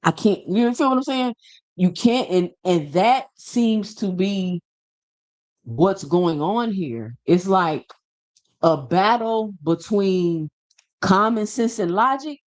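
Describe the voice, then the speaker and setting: A man's voice: high voice, lively intonation, slow. Emphatic man ranting about boxing. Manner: emphatic, repetitive, rhetorical questions. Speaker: boxing show host. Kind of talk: casual opinion rant to camera.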